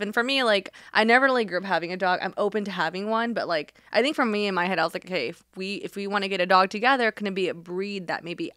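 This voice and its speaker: A woman's voice: fast, few pauses, dry recording, clean studio sound. A woman co-hosting a podcast, chatting casually and acting out quoted lines as she tells a story. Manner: animated storytelling, acts out quotes with shifting pitch. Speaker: podcast co-host. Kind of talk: casual chat.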